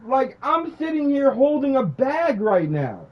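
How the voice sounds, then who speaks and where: A man's voice: very high voice, sing-song, unhurried, muffled recording. A man streaming who argues angrily and bluntly over the phone, swearing heavily. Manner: angry, blunt, profane. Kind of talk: heated phone argument during a stream.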